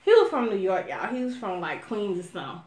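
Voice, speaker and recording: A woman from Alabama with a Southern US accent, telling a story to viewers in an animated, profane, casual style. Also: mid-range voice, fairly quick. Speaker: vlogger. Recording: echoey room.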